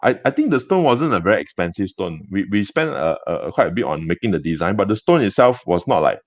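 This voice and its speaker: A man's voice: sits low, sing-song, dry recording. Singaporean guy, gem shop owner, chatty rambly stories full of restarts, dull dry lo-fi sound. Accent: Singaporean English. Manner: chatty, halting with many restarts and fillers. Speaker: gem and jewelry business owner. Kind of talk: casual interview storytelling.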